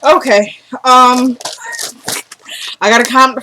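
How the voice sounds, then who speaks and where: A young woman vlogger recapping a TV episode in an excited, breathless way, talking to her viewers as y'all and acting out what the characters say. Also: medium pitch, moderate pace, background noise. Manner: animated, breathless, addresses viewers as y'all, acts out character dialogue.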